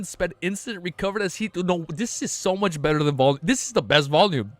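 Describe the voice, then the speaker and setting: A young man reads a web novel aloud on a live stream, pitched slightly high for a man. He keeps breaking off to react with swearing, laughter and shouts. The sound is dry and close, with no room around it. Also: fairly quick, few pauses, no echo.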